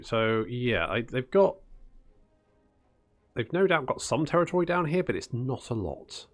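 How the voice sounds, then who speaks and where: Here the same kind of host speaks at a medium pitch, a little slowly, with lively intonation. He chats and mutters through a casual strategy let's-play, addressing his units as "buddy."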